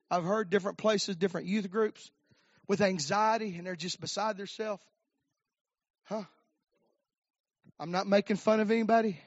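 High-voiced fervent preacher in his fifties. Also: no echo. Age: 50s. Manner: fervent preaching, swinging from low murmurs to shouted climaxes with "uh" fillers. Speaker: pastor. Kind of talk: sermon. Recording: dry, dull lo-fi recording.

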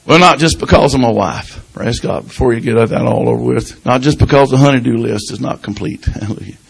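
An older man preaching in a gravelly, husky voice. His sermon is folksy and storytelling, scattered with "hallelujah" and "praise God", and he swings between loud bursts and near-whispers. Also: medium pitch, brisk, poor audio. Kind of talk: informal country sermon.

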